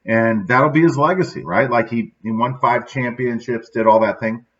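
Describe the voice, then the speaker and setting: A man's voice: mid-range voice, normal speed, distant mic, dull audio. A middle-aged man hosting a daily motivational podcast, speaking in a casual, reflective way and sounding sad and subdued, often tagging his sentences with "right?". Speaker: podcast host.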